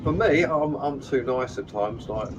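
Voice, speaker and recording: A man hosting a casual livestream greets his viewers and chats, swearing easily. His voice sits in the middle of the male range. Steady background noise runs behind him. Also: mid-range voice, a little slow. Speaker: livestream host.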